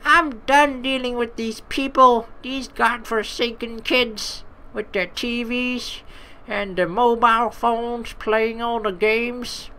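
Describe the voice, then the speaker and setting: A woman's voice: a little high, steady tone, slow, pushed and bright, voice pushed up, poor audio. Woman putting on a cranky old innkeeper lady. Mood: fed up. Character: cranky old female innkeeper, scolding and impatient.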